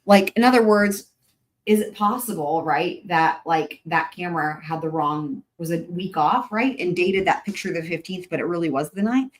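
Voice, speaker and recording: Woman, lower voice, casual commentator, thinks aloud with ums and restarts, wry sarcastic asides. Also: moderate pace. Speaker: true-crime commentator. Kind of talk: casual commentary while reading case documents.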